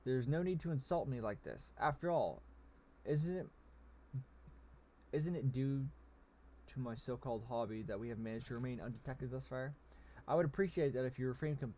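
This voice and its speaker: A man's voice: medium pitch, a little fast, mellow, natural voice. A man voicing a sly, mocking male goblin general who speaks in smug, pompous phrases. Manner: smug, teasing, pompous wording.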